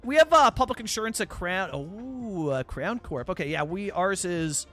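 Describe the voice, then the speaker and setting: A man's voice: sits high, lively intonation, moderate pace, fairly bright tone, faint music behind. A young Canadian man from British Columbia, chatting casually and rambling on a live game stream, full of fillers as he answers viewers. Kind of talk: casual live-stream chat while playing a city-building game.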